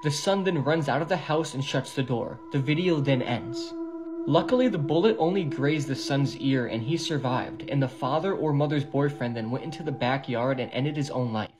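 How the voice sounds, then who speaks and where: A man recounting a viral video step by step in a steady, matter-of-fact way. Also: mid-range voice, normal speed, background noise. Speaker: video narrator.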